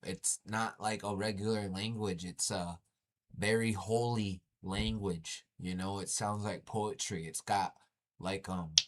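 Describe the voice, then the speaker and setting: A man casually commenting on a video he is watching, animated and slangy, often exclaiming. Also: fairly low pitch, unhurried, background noise.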